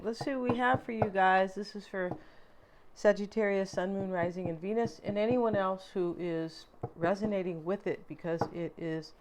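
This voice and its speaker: A woman's voice: lowish voice, a little hiss or hum. A woman giving a tarot card reading in a chatty, rambling way, with many fillers and asides. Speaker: tarot reader. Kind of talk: casual tarot reading monologue.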